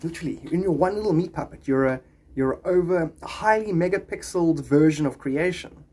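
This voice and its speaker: A man's voice: a little high, brisk, a little mellow. A man chatting on a live stream, reading viewers' comments and rambling into spiritual musings.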